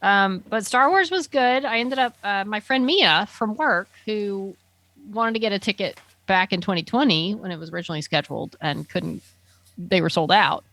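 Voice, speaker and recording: A woman's voice: mid-range voice, lively intonation, normal speed, fairly bright tone, dry recording. A woman chatting casually, telling an enthusiastic story full of fillers like "um" and "like". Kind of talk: casual chat.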